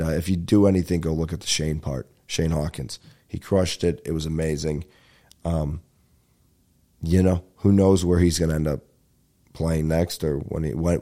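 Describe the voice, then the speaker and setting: A man hosting a podcast, rambling casually and excitedly with lots of swearing, his voice stuffed up and nasal. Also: low-pitched. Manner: profane, excitable, breaks into bits of singing. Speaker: podcast host.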